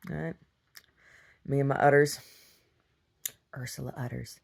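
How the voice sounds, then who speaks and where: A woman's voice: extremely low pitch, steady tone, moderate pace, vocal fry, long pauses. A middle-aged woman telling a rambling story in a casual video diary, laughing often and acting out the people she quotes. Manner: laughs often, acts out quoted voices, many restarts.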